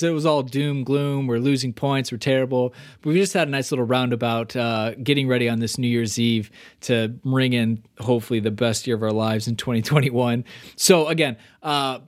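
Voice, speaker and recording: A man hosting a casual podcast, talking energetically with fillers and quick restarts. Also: medium pitch, no echo, clean studio sound. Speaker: podcast host. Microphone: remote call microphone.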